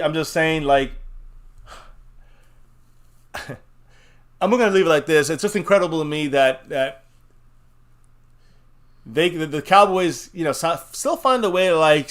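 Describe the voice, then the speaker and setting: A man's voice: fairly high pitch, unhurried, pauses often, a bit bright. A man co-hosting a live fan stream, ranting in exasperated, profane bursts and repeating himself. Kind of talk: heated fan reaction chat.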